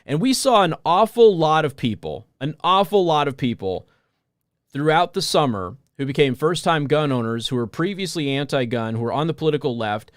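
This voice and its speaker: American radio host, male, slightly high voice, emphatic storyteller, dry close sound. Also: dry recording. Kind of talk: talk radio monologue.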